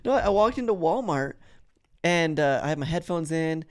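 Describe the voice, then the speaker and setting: A man's voice: fairly high pitch, animated, moderate pace, clean tone, dry recording, clean studio sound. A man co-hosting a podcast, chatting casually and telling rambling stories with frequent laughter. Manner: rambling storyteller, laughs often, acts out voices. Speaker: podcast co-host. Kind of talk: casual chat.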